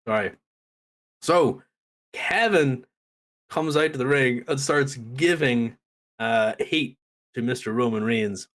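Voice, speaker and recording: A podcast co-host recaps wrestling events in a casual, lively chat, acting out what people said as he tells the story. He speaks at medium pitch, takes his time, and leaves long pauses.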